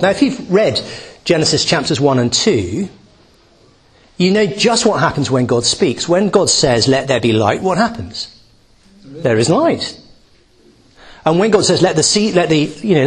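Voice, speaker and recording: A man's voice: a little high, breathy edge. A man giving a Bible teaching talk, reading a passage and explaining it with many restarts and asides. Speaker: preacher.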